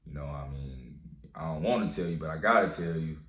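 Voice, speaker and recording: A man quoting his friend's hushed, hesitant warning in his own deep voice. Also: a little fast, echoey room. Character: loyal male friend breaking bad news.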